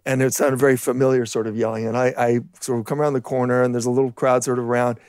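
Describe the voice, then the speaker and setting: A man co-hosting a casual history chat, relaxed and anecdotal, who breaks into shouted impressions when telling a story. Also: medium pitch, fast, clear, resonant tone, no echo, clean studio sound. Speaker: podcast co-host.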